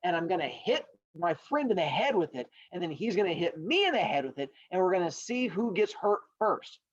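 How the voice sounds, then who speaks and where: A man's voice: high voice, sing-song, fairly quick, no echo. A man voicing a reckless, eager little male squirrel in a fable. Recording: dull lo-fi sound.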